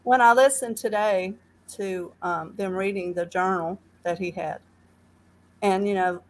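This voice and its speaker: A woman's voice: medium pitch, steady tone, a little hiss or hum, rough recording. Earnest Southern woman caller. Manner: earnest, halting with many fillers. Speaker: caller on a live stream. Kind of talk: casual call-in chat.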